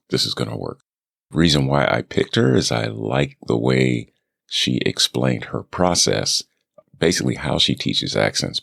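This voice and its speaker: Very deep gravelly man, chatty. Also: no echo, studio quality. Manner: relaxed, chatty, self-deprecating asides. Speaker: podcast host. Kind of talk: casual solo podcast update. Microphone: studio microphone.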